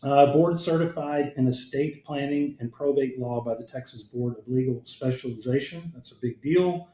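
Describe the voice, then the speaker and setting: A man's voice: mid-range voice, moderate pace, warm tone. A man hosting a podcast, chatting in a friendly, conversational way and reading out his guest's background. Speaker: podcast host. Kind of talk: casual podcast interview. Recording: roomy echo.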